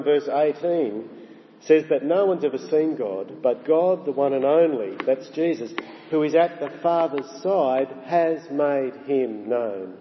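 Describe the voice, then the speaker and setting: A man preaching a sermon, emphatic, rising on key phrases and slowing down for weight. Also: fairly high pitch. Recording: dull sound with long hall reverb.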